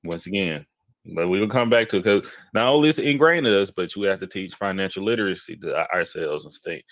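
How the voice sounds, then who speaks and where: A young man tells a story in a rather low voice. He acts out the people in it as he goes, and the recording is close and dry. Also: brisk, no room sound. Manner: animated storyteller who acts out quotes. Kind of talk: casual storytelling chat.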